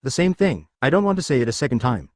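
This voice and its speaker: Man voicing a confident young martial artist, sly and brisk, animated delivery. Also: medium pitch, no echo, clean studio sound.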